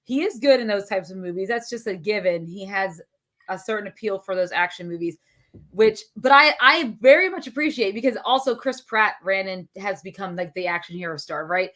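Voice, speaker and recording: A woman's voice: medium pitch, expressive, a little fast, fairly bright tone. A woman co-hosting a movie review show, chatting casually with easygoing, opinionated takes. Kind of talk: casual film review talk.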